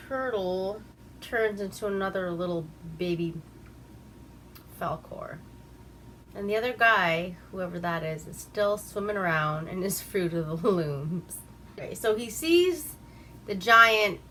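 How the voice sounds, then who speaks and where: A woman rambles through a casual movie recap, swearing freely and laughing at her own asides. Her voice is bright and crisp, and she talks at an unhurried pace. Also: medium pitch, a little hiss or hum. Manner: profane, rambling, laughs at herself. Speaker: movie reviewer.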